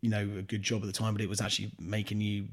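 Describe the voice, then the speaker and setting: Fast-talking man hosting a podcast. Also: lowish voice, monotone, husky. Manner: quick, informal, swears casually. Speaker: podcast host. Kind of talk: casual podcast chat.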